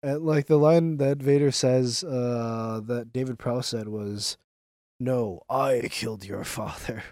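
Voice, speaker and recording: A man's voice: medium pitch, fairly even intonation, takes it slowly, a little mellow, no echo, studio quality. A man co-hosting a podcast in casual chat, telling stories animatedly and acting out quotes with laughs. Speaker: podcast co-host.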